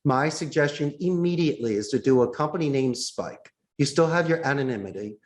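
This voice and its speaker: A man, a call center boss, explaining sales phone tactics with enthusiasm and acting out calls in bright voices. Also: medium pitch, animated, brisk. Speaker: call center CEO, interview guest. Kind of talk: animated sales coaching talk. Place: in Costa Rica.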